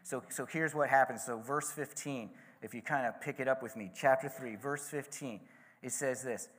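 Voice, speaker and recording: A pastor giving a sermon, retelling a story casually with frequent asides. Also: male voice, medium pitch, normal speed.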